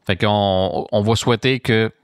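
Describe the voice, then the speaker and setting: A man's voice: on the low side, normal speed, crowd noise. A man with a Québécois French accent hosting a wrestling podcast in casual, rambling chat full of fillers. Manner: rambling, filler-heavy, chatty.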